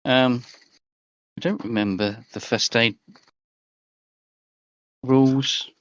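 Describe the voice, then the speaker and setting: Man, game master, halting and hesitant, dry close sound, slightly dull call audio. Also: medium pitch, steady tone, a bit bright, no echo. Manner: hesitant, full of ums and rule checks. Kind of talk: narrating a tabletop game. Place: home, online call. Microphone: voice call headset.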